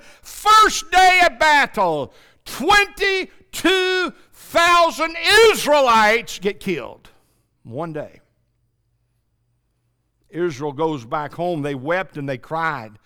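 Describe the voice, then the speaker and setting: A man preaching a sermon, telling a story dramatically and swinging between shouts and hushed low tones, calling out to the congregation. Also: clear, resonant tone. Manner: calls to the congregation for responses.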